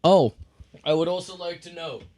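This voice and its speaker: A man's voice: on the high side, normal speed, warm tone, dry recording, clean studio sound. A man co-hosting a podcast, chatting casually about a movie he liked, often restarting his sentences. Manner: enthusiastic, repeats words when restarting. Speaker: podcast co-host. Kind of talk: casual film review chat.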